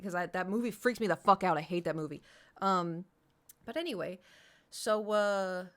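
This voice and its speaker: Rambling young woman streamer, lowish voice. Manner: rambling storytelling with many fillers and swearing. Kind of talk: casual chat.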